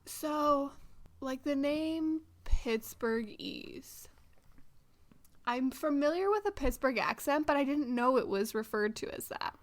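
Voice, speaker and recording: A woman's voice: high voice, animated, takes it slowly. A young woman from Michigan co-hosting a podcast, chatty and enthusiastic in casual conversation. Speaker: podcast co-host. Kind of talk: casual chat.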